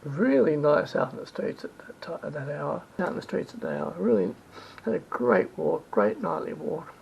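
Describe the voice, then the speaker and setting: A man's voice: lively intonation, moderate pace, gravelly, darkish tone. A man giving rambling travel advice in a vlog, repeating himself and correcting his words as he goes. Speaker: travel vlogger. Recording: dull lo-fi recording with faint rumble.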